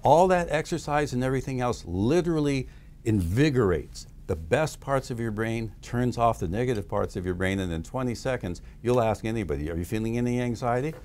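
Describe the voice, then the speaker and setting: A man's voice: medium pitch, expressive, fairly quick, darkish tone. A man speaking as a guest, explaining ideas with enthusiasm and sometimes acting out little dialogues. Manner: enthusiastic, acts out dialogues in different voices. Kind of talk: animated explanatory talk.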